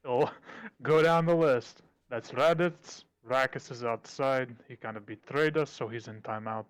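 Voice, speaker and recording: A man playing a tabletop game, talking for his character in an easygoing, relaxed way. His voice is of ordinary middle pitch. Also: unhurried, clear, resonant tone. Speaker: player.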